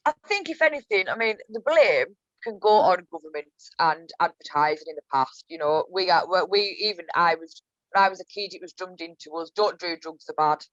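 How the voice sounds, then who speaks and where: A woman's voice: fairly low pitch, lively intonation, brisk, fairly bright tone, no room sound, lo-fi sound. A woman with a Cumbrian accent, a guest telling her story in a casual podcast interview, chatty with many restarts. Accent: Cumbrian (Whitehaven). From Cumbria, England. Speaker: guest, business owner.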